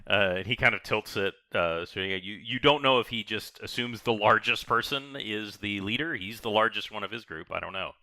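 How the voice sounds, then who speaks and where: A man narrating as game master of a tabletop game, animated and rambling with many fillers. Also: lowish voice, moderate pace, few pauses, no echo.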